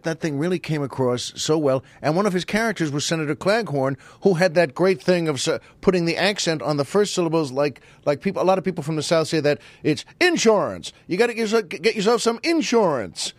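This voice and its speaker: A man's voice: fairly high pitch, no echo. A man hosting his own show, telling stories in a rambling, digressive comic monologue. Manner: rambling, digressive, chuckling storyteller. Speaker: host.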